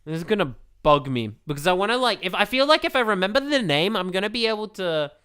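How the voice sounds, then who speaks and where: A game streamer chatting casually between dialogue lines, swearing a lot and losing his train of thought. His voice is bright and jumps all over in pitch. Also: sing-song, quick pace, clean tone. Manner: swears often, rambling and scattered. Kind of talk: casual game playthrough commentary.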